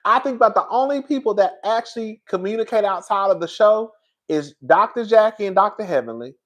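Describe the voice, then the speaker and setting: A man with a high, bright-edged voice talks through a live stream in a sassy, animated way. He keeps calling his viewers "girl," laughs a lot and swears without a second thought. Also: a little fast. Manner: laughs often, swears freely. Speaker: reality TV show reviewer. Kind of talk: live-stream commentary, reading chat.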